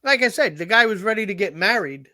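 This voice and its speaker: A man's voice: high voice, lively intonation, quick pace, bright, forceful tone, dry recording. A man co-hosting a casual film review podcast, blunt and swearing freely. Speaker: podcast co-host.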